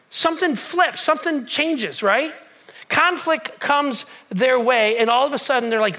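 A man preaching a sermon as pastor, repeating key phrases with emphatic pauses. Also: very high-pitched, expressive, bright, forceful tone.

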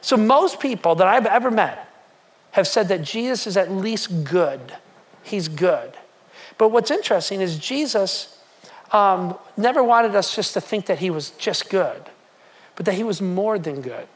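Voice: mid-range voice, animated, measured pace. A pastor delivering a sermon in an easy, conversational tone. The speaker keeps turning to the congregation with questions and repeats key phrases to drive them home.

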